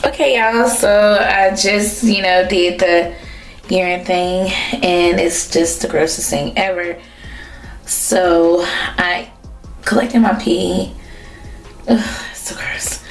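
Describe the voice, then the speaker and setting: A woman's voice: on the low side, steady tone, slow, faint music behind, poor audio. A young woman, chatting casually to her viewers in a vlog, a bit out of breath, recorded on a phone. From North Carolina, US. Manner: chatty, talks straight to viewers. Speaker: vlogger. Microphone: phone held at arm's length.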